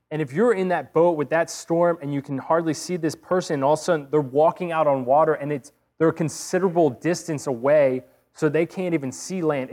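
A man's voice: a little high, darkish tone. A man preaching a sermon, retelling a story vividly and earnestly with rhetorical questions.

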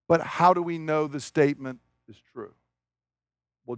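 Male pastor, high voice, dry close sound, conversational sermon with emphatic peaks. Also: no echo. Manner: conversational preaching, rising to emphatic declarations.

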